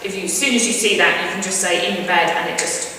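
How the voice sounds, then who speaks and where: A young woman dog trainer calmly explaining a training exercise, switching to high, bright praise for her dog. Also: fast, slight background noise. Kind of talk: instructional demonstration. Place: indoor room at home. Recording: echoey room, voice from far off.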